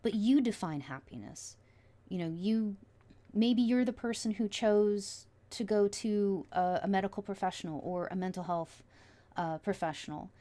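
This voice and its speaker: A woman giving a casual tarot reading to viewers, excitable and emotional, often trailing off and restarting her sentences. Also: medium pitch, moderate pace. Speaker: tarot reader.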